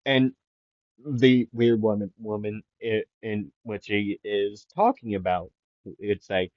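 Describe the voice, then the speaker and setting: A man's voice: lowish voice, steady tone, slow, darkish tone, no echo. A man casually narrating a playful what-if story, rambling with fillers, on a dull, dry recording. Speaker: anime YouTuber.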